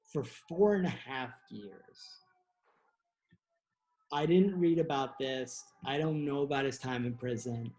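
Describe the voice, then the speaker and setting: A man's voice: mid-range voice, darkish tone. A man, a playwright, tells a history story in a loose, rambling, profane comic style with many restarts. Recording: echoey room.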